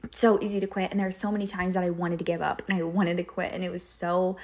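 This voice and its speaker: Woman, late 20s, lowish voice, podcast host, personal storytelling, candid, emotional, filler-heavy. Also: level tone, quick pace. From Kansas. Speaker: podcast host and business owner.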